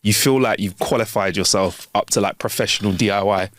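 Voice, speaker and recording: A man's voice: on the low side, a little fast, a bit bright, dry recording, studio quality. A man co-hosting a comedy podcast, reading out listener jokes in a slangy, chuckling way. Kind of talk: casual comedy chat. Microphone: close studio mic.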